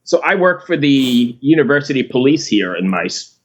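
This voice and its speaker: Laughing male podcast host, dull lo-fi sound. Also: mid-range voice. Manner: relaxed, quick to laugh and agree. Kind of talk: casual chat.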